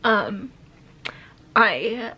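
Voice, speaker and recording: A woman's voice: medium pitch, expressive, extremely slow, pushed and bright, slightly rough. A young woman vlogging a candid life update as a mom, talking in a rambling way full of fillers and restarts, emotional and close to tears at times.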